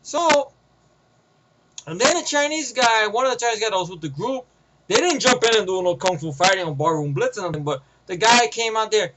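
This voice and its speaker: A man's voice: very high voice, expressive, brisk, noisy background. A man telling a long, rambling, profane story about a movie trip, acting out the voices, recorded on a camera mic. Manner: profane, loose, acts out every voice. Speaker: movie reviewer. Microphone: camera microphone.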